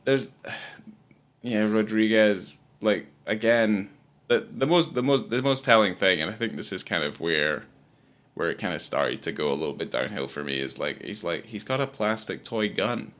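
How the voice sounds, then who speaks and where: Deep, forceful man in his late thirties. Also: animated, normal speed. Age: late 30s. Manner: blunt and emphatic, swears freely. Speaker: podcast co-host. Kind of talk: casual film discussion.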